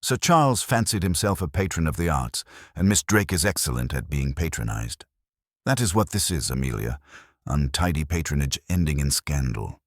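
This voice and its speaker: A cynical, unpleasant society man, voiced by a deep male narrator, sneering and cutting. The tone is husky and a touch above the narrator's usual very low pitch. It is a dry, close recording. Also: animated, moderate pace, dry recording, heavily acted.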